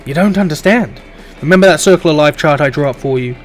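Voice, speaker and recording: A man voicing a brash, reckless young male monster who blusters in a fast, pushy way. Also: fairly high pitch, faint music behind, lightly acted. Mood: blustering.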